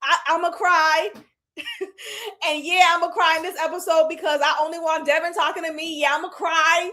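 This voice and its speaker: A woman in her thirties giving candid, animated commentary on a reality show and laughing often. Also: very high voice, a little fast. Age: 30s. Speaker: reality TV reviewer. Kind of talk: casual commentary.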